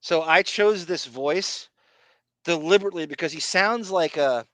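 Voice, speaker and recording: Bright-voiced, excitable, swearing male podcast host. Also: a little high, normal speed, no echo. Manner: rambling, profane, excitable. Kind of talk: casual podcast chat.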